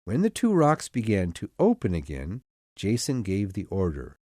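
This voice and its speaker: A man narrating an abridged audiobook of myths in an expressive storytelling manner. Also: fairly low pitch, normal speed, no room sound, studio quality.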